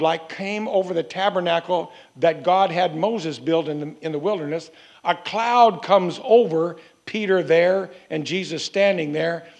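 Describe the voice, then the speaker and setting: A man preaching a sermon in an earnest way, repeating phrases and slowing down to stress key words. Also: sits high, vocal fry.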